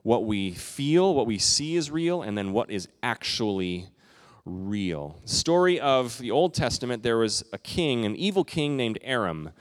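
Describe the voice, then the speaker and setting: A man preaching a sermon as pastor, earnest, swelling to loud emphatic peaks and then dropping soft. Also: mid-range voice, very animated, unhurried. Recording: long hall reverb.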